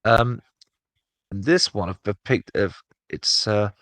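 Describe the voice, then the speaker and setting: A man's voice: on the low side, slow pace, a bit bright, no room sound. Rambling casual man, dry sound. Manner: rambling, lots of fillers and restarts. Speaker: podcast co-host. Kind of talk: casual chat.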